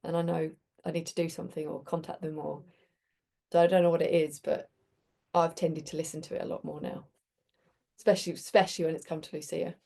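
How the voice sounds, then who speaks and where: A woman's voice: sits low, flat delivery, a little fast, creaky, dark tone. A woman hosting a community group, talking in a chatty, reflective way and telling stories with many restarts. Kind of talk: casual reflective talk.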